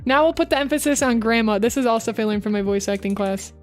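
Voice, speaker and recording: Chatty streamer woman, fairly high voice. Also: quick pace, soft background music. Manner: chatty, upbeat, talks to chat. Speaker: VTuber streamer. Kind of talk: casual livestream voice acting tips. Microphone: streaming microphone.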